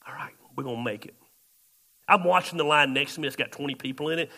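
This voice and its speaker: A man pastor, telling a story in a sermon, shifting between loud outbursts and quiet asides. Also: fairly high pitch, fast talker.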